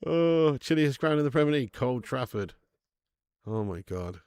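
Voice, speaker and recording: A man hosting a football watch-along stream, swearing often and bantering with his chat in bursts of excitement. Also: medium pitch, moderate pace, clear, resonant tone, no echo. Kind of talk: casual live-stream chat.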